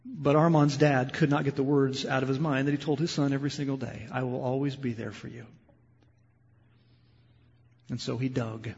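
A male pastor preaching a sermon, moving between loud, impassioned emphasis and quiet, hushed storytelling. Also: mid-range voice, little pitch movement, normal speed, creaky, pauses often, breathy edge. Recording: lo-fi sound with long hall reverb.

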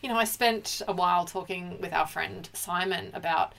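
A woman's voice: lowish voice, moderate pace, vocal fry, fairly bright tone. A woman co-hosting a casual pop culture chat, emotional and chatty, often restarting her sentences. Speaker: podcast co-host.

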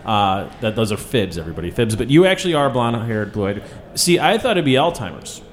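A man's voice: mid-range voice, very animated, fairly quick. A man hosting a radio show, interviewing a guest in a teasing, playful way. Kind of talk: casual interview.

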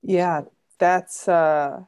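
A woman's voice: on the low side, fairly even intonation, extremely slow, a little mellow, clean tone. A woman co-hosting a casual chat, asking questions and making jokes. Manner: joking interviewer.

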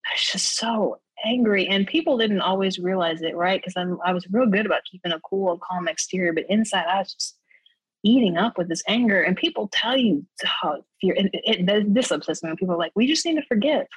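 A woman with a fairly low voice tells her story as an interview guest, candid and earnest. She keeps checking in with the listener and laughs softly between thoughts. The sound is close and dry, with no room around it. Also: a little fast, husky, no room sound, poor audio. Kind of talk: candid personal testimony in conversation.

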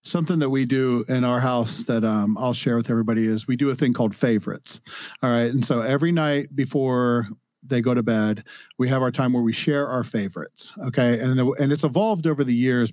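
A man's voice: medium pitch, darkish tone, no echo. A man hosting a podcast, who talks in an earnest, chatty way and often checks in with "right?" or "you know?". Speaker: podcast host. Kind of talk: conversational interview.

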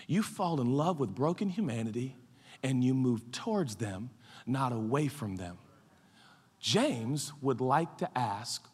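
A man preaching a sermon as pastor, swinging from shouted peaks to hushed, low asides. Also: animated, unhurried, husky. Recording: echoey hall with long reverb.

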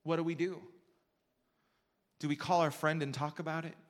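Male pastor, high voice, preaching in a church hall with a long echo; quiet teaching that builds to fervent exhortation. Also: level tone, normal speed. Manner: swings from quiet intimate teaching to loud passionate exhortation. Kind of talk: sermon. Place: church sanctuary.

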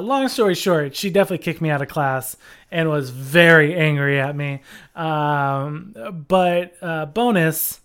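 A young man hosting a podcast and telling a rambling, animated story, full of fillers. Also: fairly high pitch, smooth. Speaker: podcast host. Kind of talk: casual storytelling.

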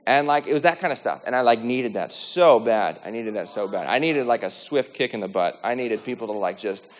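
A man shares his faith testimony in a lively, conversational style. He acts out the people in his story and scatters filler words throughout. His voice sits in a middle register and carries a long reverb, as if he is speaking in a large hall. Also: mid-range voice, brisk. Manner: lively, acts out quoted dialogue, many "like" fillers. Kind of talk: animated storytelling.

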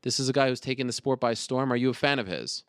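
A man's voice: mid-range voice, fast talker, smooth, dry recording, studio quality. A man in his thirties hosting an interview show, speaking earnestly to his guest and then announcing upcoming events. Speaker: host. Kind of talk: interview and show host talk.

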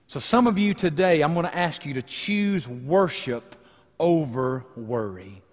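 A man preaching a sermon as pastor, swinging between loud emphasis and hushed, quiet lines. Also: a little high, lively intonation, moderate pace, long reverb tail. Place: church sanctuary.

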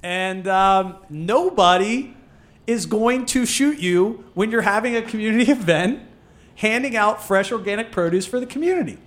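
Animated higher-voiced man telling stories. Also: moderate pace. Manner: animated, swears, storytelling. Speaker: food nonprofit co-founder. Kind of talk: casual podcast interview.

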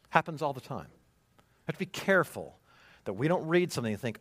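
A man preaching a sermon, animated and conversational, with many rhetorical questions. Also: mid-range voice, normal speed, no echo, clean studio sound. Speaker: pastor.

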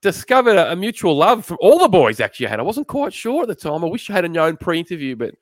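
A man's voice: high-pitched, sing-song, fast talker, dry recording. Laid-back man bantering on a podcast. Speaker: podcast co-host. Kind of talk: casual chat.

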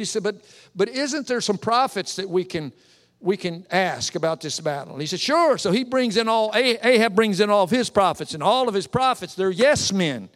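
A male pastor delivers a sermon, animated and theatrical as he acts out the story's characters. His voice sits a little high for a man. The sound carries a long reverb from a large church hall. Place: church sanctuary.

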